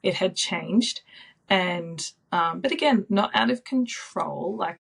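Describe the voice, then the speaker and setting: A woman in her thirties, a podcast guest telling a personal story in a soft, reflective way with frequent ums and likes. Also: fairly low pitch, animated, takes it slowly, vocal fry, husky. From Australia.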